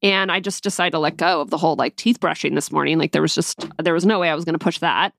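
Candid mom retelling a hard morning. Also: female voice, deep voice, steady tone, quick pace, creaky, a little hiss or hum. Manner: candid, reflective, with soft laughs. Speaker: mother. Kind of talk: personal storytelling.

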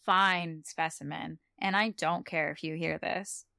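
A woman's voice: low-pitched, fairly even intonation, unhurried, gravelly, pushed and bright, no room sound, studio quality. A young adult woman co-hosting a podcast, chatting casually and animatedly about a TV episode, with lots of "like". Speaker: podcast co-host. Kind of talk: casual chat recapping a TV episode.

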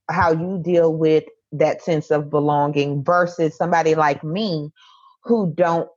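A woman hosts a podcast interview, asking encouraging questions in a fairly low voice. The sound is slightly dull and lo-fi, like a home podcast setup. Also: darkish tone. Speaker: podcast host. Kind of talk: casual interview chat.

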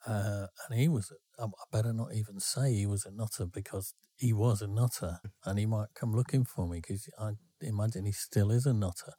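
Guy rambling thru a funny story, warm mellow voice, dry close mic. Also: on the low side, brisk, few pauses, dry recording. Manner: rambling, self-interrupting anecdotes. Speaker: podcast co-host. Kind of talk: casual storytelling.

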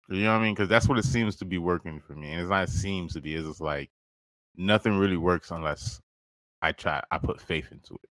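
A man's voice: sits low, brisk, creaky, sharp tone, no echo. A man hosting a podcast, telling a personal story in casual, slangy talk, laughing often and calling the listener "bro". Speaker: podcast host.

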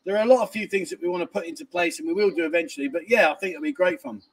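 A man races along in a high voice full of big pitch swings while hosting a casual livestream. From inside a village family home, he reads out messages from viewers and chats in a rambling way, swearing casually and restarting again and again.

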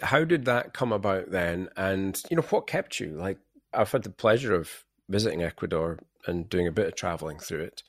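A male interview host with a low, gravelly voice tells rambling, anecdotal stories. The sound is close and dry. He speaks in a loose, casual chat style. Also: expressive, moderate pace, dry recording. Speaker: podcast host.

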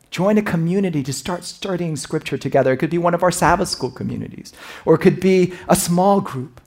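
A male pastor preaches a sermon, moving from plain exhortation into storytelling. His voice sits a little high for a man and has a husky grain. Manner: storytelling, lively and warm-hearted delivery.

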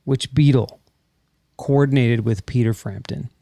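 A man's voice: medium pitch, steady tone, a little slow, dark tone, no echo. A man hosting a casual podcast and reading out trivia questions, laughing and teasing his friends with casual swearing. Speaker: podcast host and trivia quizmaster.

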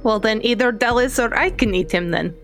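A woman's voice: a little high, brisk, soft background music, lightly acted. A woman voicing a blunt, hungry female vampire who speaks clipped, broken English in a tabletop game. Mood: matter-of-fact. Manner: clipped, broken English, matter-of-fact about feeding. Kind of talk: in-character role-play in a tabletop game.

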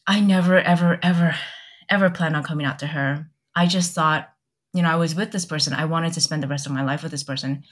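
Young woman, low-pitched, podcast guest; candid and halting storytelling with lots of quoted dialogue. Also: fairly even intonation. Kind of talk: personal storytelling in casual chat.

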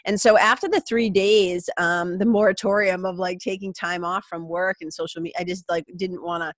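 A middle-aged woman with a slightly low voice talks in a candid, rambling way. She is heartfelt and emotional and swears casually. The recording is close and dry, with no room echo. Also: steady tone, normal speed. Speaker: yoga teacher and podcast host. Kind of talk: heartfelt personal monologue.

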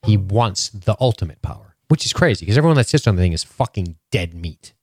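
A jokey man co-hosting a casual TV recap chat, tossing in quick asides and laughing. His voice runs fairly low. The recording is dry and close. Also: animated, a little mellow, slightly rough, no room sound. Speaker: podcast co-host.

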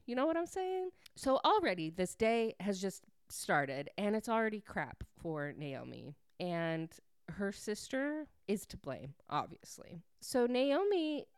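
A woman's voice: lowish voice, sing-song, unhurried, smooth, no echo, studio quality. A woman casually recapping a book, chatty and gushing, with many fillers. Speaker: book reviewer.

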